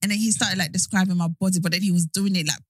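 A woman's voice: fairly low pitch, very fast, dry recording. A young woman, casually telling a long personal story to friends and acting out the quotes. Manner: animated, acts out quotes.

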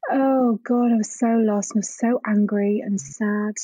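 Husky middle-aged english woman, talks frank and open, swears a bit, dry close mic. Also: medium pitch, moderate pace, no room sound, rough recording. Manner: frank, expressive, swears casually. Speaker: guest, grief and drama therapist. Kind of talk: candid conversational storytelling.

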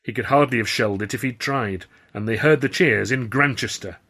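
Bright, husky male storyteller. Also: mid-range voice, a little fast. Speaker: author reading his novel. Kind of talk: first-person audiobook narration.

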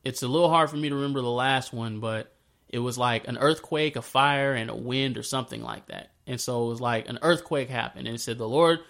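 A man talking in a loose, slangy way as he retells an old story and ties it to his own life. His voice sits at an ordinary middle pitch, and his delivery turns lively when he acts out the scenes. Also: a little fast, creaky. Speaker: speaker sharing a faith story. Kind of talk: casual spoken reflection.

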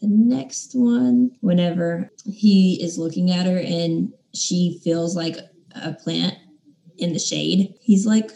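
A young woman chatting casually about a book she loves. She has a mellow, warm tone. She keeps retelling scenes and slips into playful voices for the characters. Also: lowish voice, takes it slowly, gravelly, reverberant, slight background noise. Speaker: book podcast co-host.

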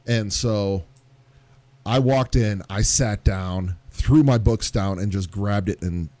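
Man, low voice, mellow dark tone, casual playful chat. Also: takes it slowly, dry recording. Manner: expressive, playful, vivid comparisons, swears freely. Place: garage.

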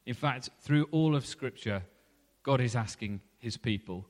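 A man's voice: medium pitch, normal speed, big-room sound. A middle-aged man preaching a sermon in a conversational way, asking reflective questions.

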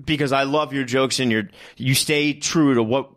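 A man's voice: mid-range voice, steady tone, normal speed, a bit bright. A man hosting a podcast in casual chat, laid-back and swearing, often cutting in with "yeah". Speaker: podcast host.

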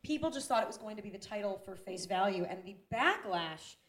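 A woman's voice: medium pitch, fairly quick. A woman guest on a live comedy podcast, telling jokey stories and acting out voices, on a stage mic. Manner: animated, joking storytelling with acted-out voices. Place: stage before a live audience.

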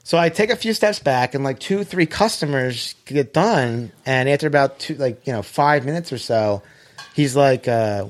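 A man telling a long story in casual chat, animated, swearing and acting out quoted dialogue. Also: mid-range voice, moderate pace.

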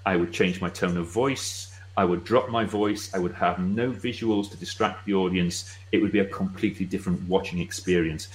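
A middle-aged British man speaking as a guest expert, explaining with brisk, wry asides. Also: low-pitched, fairly even intonation, poor audio. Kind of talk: casual explanatory chat.

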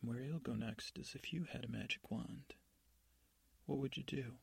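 A man's voice: medium pitch, normal speed, vocal fry, breathy edge, dry recording. A man improvising a story as a podcast host, narrating in a rambling way with restarts.

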